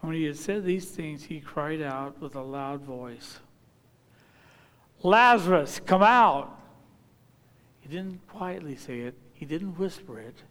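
A man preaching a sermon, reading scripture aloud and rising to emphatic, forceful calls. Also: fairly high pitch, moderate pace, hardly any pauses. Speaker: pastor. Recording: long hall reverb.

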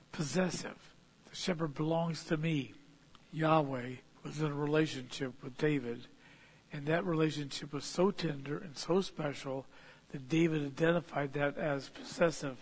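A man with a husky, slightly high voice delivers a folksy sermon. He talks in plain, homespun pictures and swells into sudden emphatic peaks before easing back down. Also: moderate pace. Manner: folksy, illustrative preaching with sudden emphatic rises. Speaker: preacher.

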